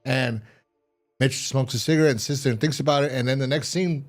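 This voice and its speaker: A man's voice: medium pitch, brisk. A man giving a casual, rambling recap of a TV episode, full of fillers and restarts. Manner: rambling, filler-heavy retelling. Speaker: TV episode reviewer.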